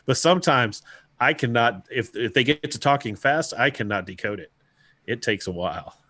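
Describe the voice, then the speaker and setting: A man co-hosting a casual podcast chat, relaxed and chuckling, often restarting his sentences. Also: medium pitch, normal speed, no room sound. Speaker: podcast co-host.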